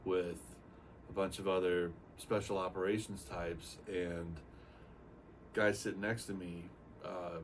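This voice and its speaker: A man's voice: deep voice, takes it slowly. An older man, a retired Navy aircrewman, telling his story in a casual, rambling way and acting out quotes. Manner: rambling, animated retelling with acted-out quotes. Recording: distant mic with faint room noise.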